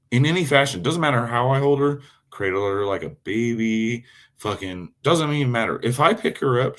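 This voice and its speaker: Profane, animated male knifemaker streaming. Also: medium pitch. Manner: profane, rambling, answers chat. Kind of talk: casual live-stream chat.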